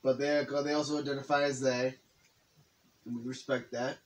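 A chatty young man co-hosts a let's play with his friend. He reacts fast and excitedly, tossing in casual remarks and curses as he watches the game. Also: mid-range voice. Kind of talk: casual gaming commentary.

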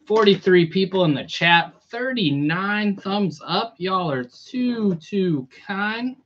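A man live-streaming a toy unboxing in a relaxed, chatty way, greeting viewers by name. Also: high-pitched, slow pace, lo-fi sound, a little hiss or hum. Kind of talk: casual live-stream chat.

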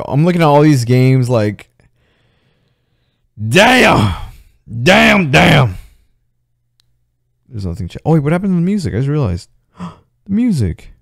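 A young man streaming a video game, reacting loudly with shouts, gasps and swearing. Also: medium pitch, vocal fry. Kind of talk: live game commentary.

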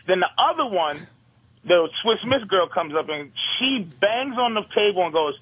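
A man guesting on a radio talk show by phone, telling a comic story in an animated, profane way and laughing through it. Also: high-pitched, normal speed, breathy edge, phone-quality sound. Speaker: comedian guest calling in.

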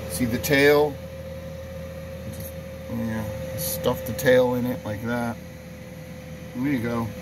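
A man's voice: medium pitch, fairly even intonation, takes it slowly, background noise. A man hosting a casual home cooking vlog, rambling and joking as he talks to viewers from his kitchen. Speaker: host of a home cooking video.

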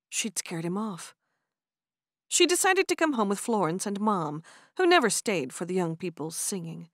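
A woman narrating an audiobook in an expressive, animated storytelling manner. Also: mid-range voice, dry recording, clean studio sound. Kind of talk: scripted narration.

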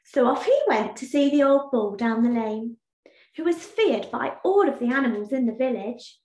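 A woman teacher tells a story to young children in a high, lively, sing-song voice, taking her time over each phrase. Her voice rings a little in an echoey room. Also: normal speed. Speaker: primary school teacher. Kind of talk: reading a storybook aloud in an online lesson.

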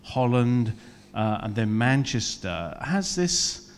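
A man's voice: medium pitch, sing-song, slow pace, a little hiss or hum. A man hosting a live interview on stage, asking fluent, enthusiastic questions. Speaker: interviewer, host. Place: museum event hall, live audience. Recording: long reverb of a large hall.

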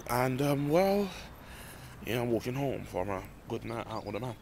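A man's voice: mid-range voice, expressive, normal speed, vocal fry, background noise. A young man, rambling and ranting animatedly to a handheld phone while walking home outdoors at night. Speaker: vlogger. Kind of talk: late-night rant to camera. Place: outdoors at night, walking through a car park.

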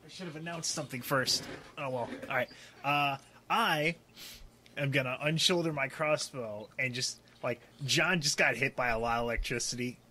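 A man playing in a tabletop game, animated and laughing, thinking out loud about his moves. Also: mid-range voice, normal speed. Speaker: player. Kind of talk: casual tabletop play.

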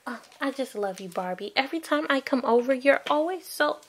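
A woman's voice: high-pitched, animated, fairly quick. A woman voicing a sweet, gushing young woman doll who is visiting her best friend, in a toy play video.

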